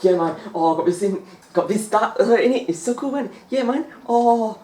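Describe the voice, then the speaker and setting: Male performer doing a slangy, laid-back young lad; high, bouncy, drawling delivery. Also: animated, normal speed, a little mellow, roomy sound, a little hiss or hum. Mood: chilled out.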